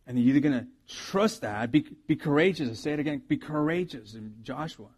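Man, middle-aged, pastor, sermon, fairly high voice, animated storytelling, loud and soft swings. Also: fairly quick.

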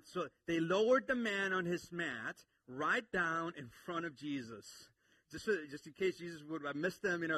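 A man's voice: fairly high pitch, sharp tone, husky, no echo. A man preaching a sermon in a conversational way, calling for the congregation to respond and acting out little scenes. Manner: conversational preaching with call-and-response and acted-out asides. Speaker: pastor.

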